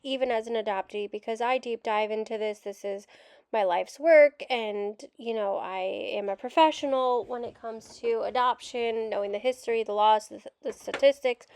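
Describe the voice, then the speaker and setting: A woman with a high voice rants in frustration as she reacts to a documentary, cursing without apology. Her sound is dry and close to the mic, with no room around it. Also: moderate pace, a little mellow, clean tone, no echo. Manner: frustrated, ranting, swears openly. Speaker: adoptee commentator. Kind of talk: reaction rant video.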